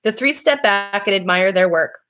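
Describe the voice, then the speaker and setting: A woman's voice: medium pitch, lively intonation, moderate pace, fairly bright tone. Woman reading a novel aloud. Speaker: reader.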